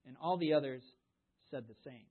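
A man preaching a sermon, stressing key words loudly, then dropping to hushed asides. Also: mid-range voice, normal speed. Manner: emphatic, swings from loud stresses to hushed asides. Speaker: pastor. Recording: tinny phone-like sound.

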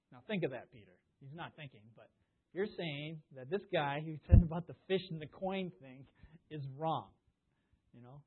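Guy preaching a sermon, kinda husky, punches words then goes quiet, sounds like a phone recording. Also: fairly high pitch, lively intonation, normal speed, phone-quality sound. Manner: emphatic, swings from loud stresses to hushed asides. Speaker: pastor.

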